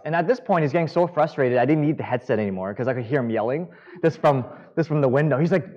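A man preaching a sermon, earnest and halting, with self-deprecating humor. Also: medium pitch, animated, darkish tone. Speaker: pastor.

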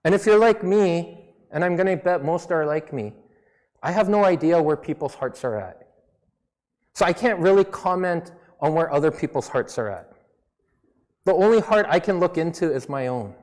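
Man, pastor preaching a sermon, slight non-native accent, conversational, fairly high voice, long hall reverb. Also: expressive, normal speed, a little mellow. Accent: non-native English accent. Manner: conversational, self-deprecating preaching with mock voices.

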